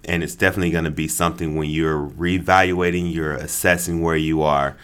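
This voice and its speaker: A man co-hosting a casual podcast chat, laid-back and quick to laugh, affirming his partner often. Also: smooth. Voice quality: very deep, relaxed voice. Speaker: podcast co-host.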